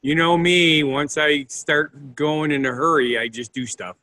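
A man co-hosting a comedy podcast, playful and quick with jokey asides, sometimes stammering as he starts. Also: on the high side, fairly even intonation, bright, forceful tone. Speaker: podcast co-host. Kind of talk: casual comedic chat.

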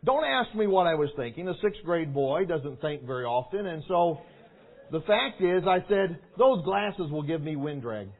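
Animated preacher man, tinny sound. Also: fairly high pitch, moderate pace. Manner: animated, acts out the story with shouts and sound effects. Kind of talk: storytelling sermon. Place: large meeting hall.

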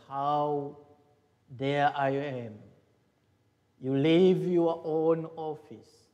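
A man, a priest, giving a homily in a halting way, pausing to search for words, in a church. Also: a little high, darkish tone. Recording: long church reverb.

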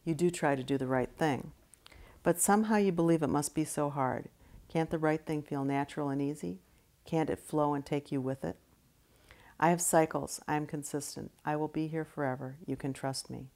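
A woman voicing a river current as a calm, patient spirit, speaking in a soothing, measured way. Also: low-pitched. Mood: reassuring. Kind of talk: reflective spoken-word narration.

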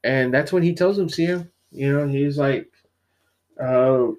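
A man's voice: medium pitch, measured pace, muffled recording. A man co-hosting a podcast, casually retelling a comic plot and quoting the characters as he goes, with lots of fillers. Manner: animated storyteller, quoting characters, many fillers. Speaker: podcast co-host. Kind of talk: casual chat recapping a comic.

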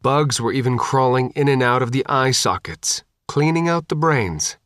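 A man with a mid-range voice reads an audiobook, keeping his storytelling steady and measured. There's no room sound, and the audio is studio quality.

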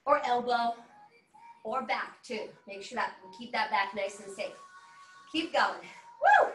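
A woman's voice: sits high, bright, forceful tone. A woman fitness instructor leading an online workout class, cheering and coaching while she exercises, a bit out of breath. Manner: upbeat coaching with whooping cheers. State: slightly out of breath. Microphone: laptop mic on a video call, at a distance. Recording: roomy and distant from the mic.

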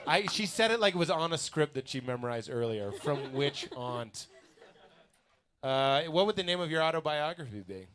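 A man's voice: on the high side, very animated, quick pace, few pauses, fairly bright tone. A man hosting a live comedy podcast in a restaurant basement, playful and laughing often as he talks. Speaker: podcast host.

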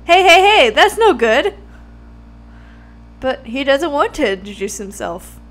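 A woman voicing an excitable, rule-loving male schoolbird, loud and worked-up. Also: a little high, moderate pace. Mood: indignant.

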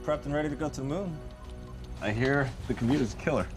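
An actor playing a laid-back, joking male astronaut who talks quickly in a breezy, folksy way. He is heard from a film soundtrack with loud music beneath him. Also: mid-range voice, natural voice. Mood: cocky. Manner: breezy, wisecracking drawl. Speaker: alternate astronaut in a film clip.

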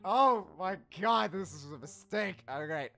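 Brief: man, high and gravelly, teasing reader of fan fiction, crude jokes. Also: animated, a little slow, bright, forceful tone. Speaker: YouTuber playing Shadow the Hedgehog.

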